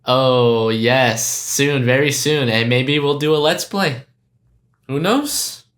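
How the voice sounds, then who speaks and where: A man's voice: medium pitch, slow, fairly bright tone. Rambling male podcast co-host. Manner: rambling, hesitant, many fillers and restarts. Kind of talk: casual chat.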